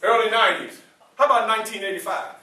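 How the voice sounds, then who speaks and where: A high-voiced man with a bright, ringing tone gives a playful call-and-response talk to students. He keeps firing questions at the crowd. The sound is very echoey, picked up from far across the room. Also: fast. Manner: playful, teasing, asks the audience questions and laughs often. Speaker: motivational speaker. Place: indoor room with a student audience.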